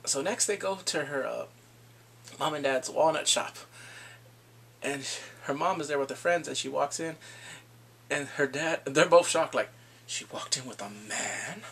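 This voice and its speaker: A man casually recapping a drama, animated and laughing often as he acts out the scenes. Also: a little high, unhurried, vocal fry, pauses often, breathy edge. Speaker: drama reviewer.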